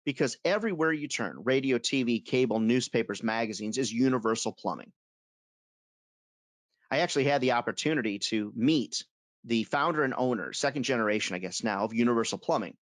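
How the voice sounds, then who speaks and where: Man, webinar trainer, lively storyteller, amused, dry close mic. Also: medium pitch, brisk, no echo. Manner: storytelling, animated, self-amused. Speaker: advertising sales trainer. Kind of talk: webinar talk.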